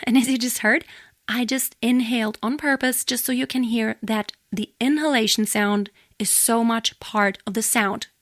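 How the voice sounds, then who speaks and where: High, dry-voiced woman teaching singing. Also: fairly even intonation, moderate pace, no room sound. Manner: explains plainly, breaks into sung and breathy demonstrations. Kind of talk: vocal lesson with sung demonstrations.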